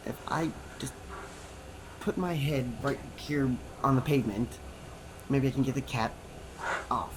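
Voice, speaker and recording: Man voicing a signed story, noisy recording. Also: mid-range voice. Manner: animated storytelling with acted-out quotes and sounds. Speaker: sign-to-voice interpreter.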